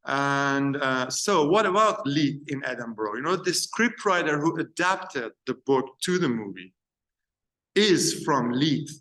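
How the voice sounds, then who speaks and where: A man giving an informal lecture on film to a university class. He speaks at an ordinary middle pitch, pausing often and searching for words between his points. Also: expressive, fairly bright tone.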